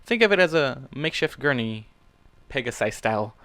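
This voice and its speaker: A man reading aloud voices a stern female pegasus guard captain who gives brisk orders. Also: mid-range voice, sing-song, a bit bright, dry recording. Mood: urgent. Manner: brisk, commanding.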